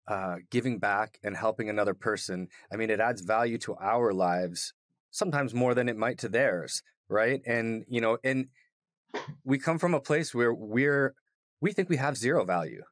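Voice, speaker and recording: A man's voice: on the low side, no room sound. A man hosting a podcast, chatting casually with a guest and affirming what the guest says. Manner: encouraging, affirming listener. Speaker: podcast host. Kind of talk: casual interview chat. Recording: dry close sound.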